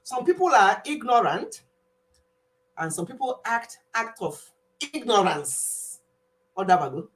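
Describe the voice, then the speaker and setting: Her pitch is fairly high and her delivery a little slow, with long pauses, on a low-quality recording. A Nigerian woman with a Nigerian accent and Igbo as her first language, she hosts a casual health live stream, telling animated stories, laughing often, and slipping in Igbo words.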